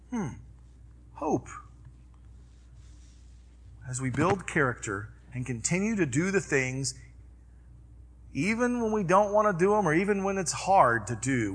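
A male pastor preaching a sermon, swinging from loud urging to quiet reflection, with personal stories woven in. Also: fairly high pitch, breathy edge. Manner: personal storytelling within preaching.

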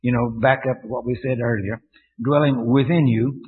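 Male preacher, mid pitch, halting with restarts, questions the congregation; lo-fi phone-like church recording with long reverb. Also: steady tone. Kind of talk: sermon. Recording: tinny, echoey church recording.

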